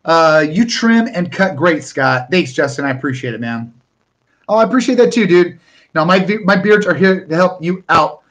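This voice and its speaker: A man's voice: a little high, expressive, moderate pace, a bit bright. Chatty rambling man on a live stream. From Northern California. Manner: chatty, rambling, with frequent restarts. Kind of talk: casual live-stream chat reading viewer comments.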